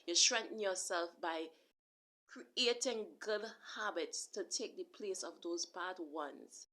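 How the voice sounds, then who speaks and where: A self-described prophet and preacher delivers a casual spoken sermon to her online audience in a fairly low, pushed, bright voice, taking it slowly. She's earnest and repetitive, restarting often and talking straight to the listener.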